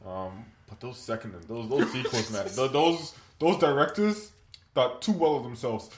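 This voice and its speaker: A man's voice: mid-range voice, normal speed, echoey room, noisy background. A man co-hosting a podcast, chatting casually and questioning the others with firm opinions. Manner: opinionated, poses questions to the group. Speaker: podcast co-host. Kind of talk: casual chat.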